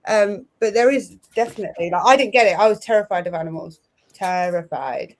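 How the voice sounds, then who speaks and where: A woman's voice: mid-range voice, quick pace. Candid, chatty woman on a panel. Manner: candid, self-reflective, chatty. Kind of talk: casual panel discussion.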